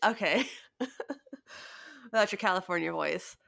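A woman co-hosting a podcast with vocal fry, dry and joking in casual chat. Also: fairly low pitch, a little slow, a bit bright, dry recording. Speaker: podcast co-host.

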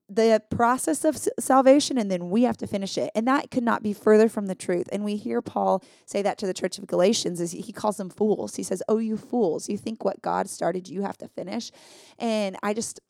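A woman talking through a Bible passage in a casual, earnest way, leaning hard on the points she cares about. Her voice sits at an ordinary middle pitch. The sound is dry and close. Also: vocal fry, darkish tone, dry recording. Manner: earnest, emphatic, thinking aloud with fillers. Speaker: podcast co-host. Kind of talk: casual Bible study chat.

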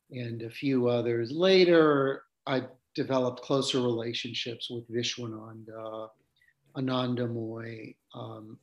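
A man who teaches yoga, recalling his spiritual teachers and telling stories in an unhurried, reflective way with pauses to gather his thoughts. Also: medium pitch.

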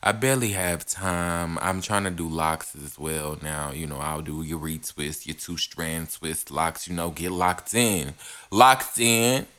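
A man's voice: low voice, fairly bright tone. A young man hosting a casual solo podcast, rambling and playful. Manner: rambling, playful, drawn-out delivery. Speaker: podcast host.

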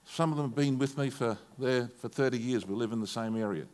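An older Australian man preaches a sermon, moving between plain storytelling and forceful, rising declarations. His pitch sits in a typical male middle range, and he speaks as a pastor addressing his congregation. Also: fast.

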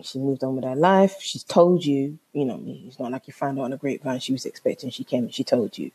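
Woman, casual comic storyteller, husky and mellow, exasperated and swears a lot. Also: a bass voice, brisk. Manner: animated, exasperated, swears freely.

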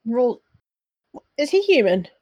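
A woman playing a tabletop game, tossing in quick joking remarks. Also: a little high, sing-song, dark tone, lo-fi sound. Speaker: player.

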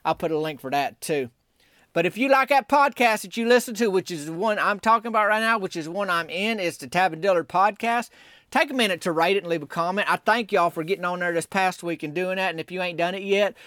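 A man hosting a podcast. He tells rambling comic stories in a folksy, deadpan, meandering way. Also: high-pitched, quick pace, dry recording, clean studio sound. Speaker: podcast host.

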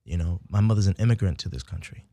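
A low, gravelly male voice tells animated personal stories. He comes from Chicago's south side and swings between hushed, intimate moments and loud bursts, with the odd "y'all" and "baby." The sound is close and dry. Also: quick pace, no echo. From United States (south side of Chicago). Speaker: interview guest, military veteran. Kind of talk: casual storytelling conversation.

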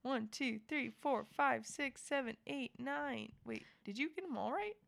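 A playful, giggly woman running a quiz on a casual chat show. Her pitch swoops all over as she speaks, unhurried and drawn out. There is a gravelly fry at the ends of phrases, and the sound is dry and close. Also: expressive, a bit bright, no echo. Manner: playful, giggly, jokey quizmaster. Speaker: podcast co-host running a quiz game.

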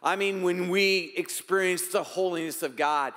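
A man's voice: sits high, normal speed. Male pastor preaching in a reverberant hall. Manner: preaching with emphatic rises and quiet asides. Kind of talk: sermon.

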